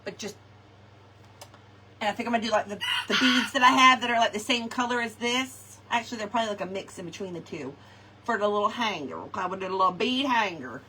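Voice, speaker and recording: A woman's voice: medium pitch, fast, bright, forceful tone, a little hiss or hum. A woman chatting to viewers while crafting live, laughing often and talking to her audience. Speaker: crafting vlogger. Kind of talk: casual live craft chat. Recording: distant mic with faint ambience.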